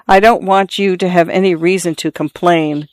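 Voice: mid-range voice, steady tone, normal speed, no echo, studio quality, natural voice. A reader voicing a plain, awkward and obedient young peasant man in an audiobook story, subdued and hesitant. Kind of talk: audiobook character reading.

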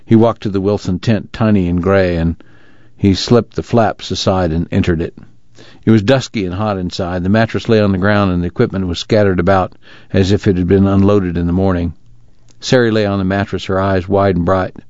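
A man reading a novel aloud in calm, steady narration. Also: sits low, a little fast, no echo, muffled recording. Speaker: audiobook narrator. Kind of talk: scripted narration.

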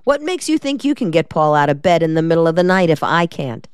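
A woman's voice: low voice, big pitch swings, a little fast, clear, resonant tone, no echo. A woman reading the part of a shrewd, wisecracking male defense lawyer in an audiobook, in a dry, decisive manner.

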